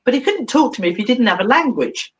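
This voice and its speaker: On a rough recording, a woman's fairly high voice comes at a quick pace. A therapist being interviewed, she tells a story animatedly, laughing a lot and performing the dialogue in different voices.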